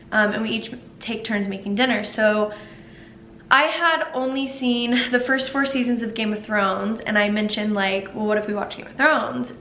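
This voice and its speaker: Bubbly high-voiced woman vlogging in echoey kitchen. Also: a bit bright. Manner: bubbly, rambling, restarts sentences. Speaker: lifestyle vlogger. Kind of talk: casual chatty vlog while cooking. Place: home kitchen. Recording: roomy kitchen echo, faint background hiss.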